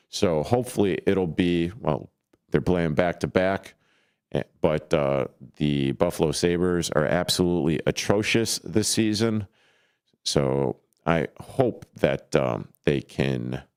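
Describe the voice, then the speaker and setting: Deep-voiced man rambling on sports radio. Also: darkish tone, smooth, dry recording, clean studio sound. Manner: rambling, with fillers and restarts. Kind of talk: casual sports talk with call-ins. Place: radio studio. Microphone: studio microphone.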